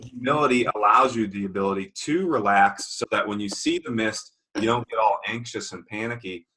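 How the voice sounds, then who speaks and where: Participant: a man with a low voice and a forceful edge, reflective and personal in a group discussion. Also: fairly quick, breathy edge, poor audio. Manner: reflective, speaks from personal experience.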